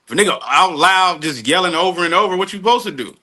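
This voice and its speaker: A man's voice: sits high, animated, quick pace, sharp tone. A man co-hosting a casual podcast with laid-back chatter.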